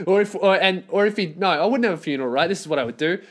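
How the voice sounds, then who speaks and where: A man's voice: a little high, quick pace. A man, hosting a solo podcast and ranting in a profane, exasperated, sarcastic way. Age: 20s. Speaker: podcast host.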